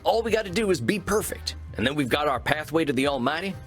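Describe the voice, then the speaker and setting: A folksy Southern cowboy vampire therapist. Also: male voice, a little high, lively intonation, fast, fairly bright tone, soft background music. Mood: easygoing. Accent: Southern American. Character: laid-back cowboy vampire therapist man. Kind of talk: video game voice acting.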